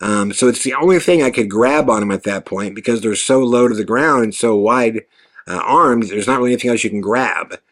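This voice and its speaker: A man hosting a podcast, telling a story in a casual, animated way, swearing freely and jumping his voice up when he quotes himself. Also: mid-range voice, a little fast. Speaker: podcast host and filmmaker.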